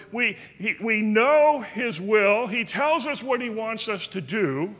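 A man's voice: sits high, very animated, a little slow, few pauses, fairly bright tone. A man teaching a Bible study in a church, earnest and folksy, telling stories. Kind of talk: sermon. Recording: reverberant church hall.

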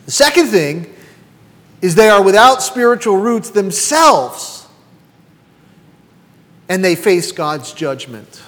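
Man, 50s, pastor preaching a sermon, high voice, rhetorical questions, long hall reverb. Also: big pitch swings, slow, long pauses, a bit bright.

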